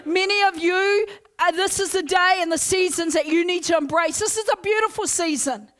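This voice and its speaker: A young woman preaching an energetic Pentecostal sermon in a church, loud and exclaiming as she leads the congregation in call-and-response. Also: very high voice, moderate pace. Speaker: guest preacher. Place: church service.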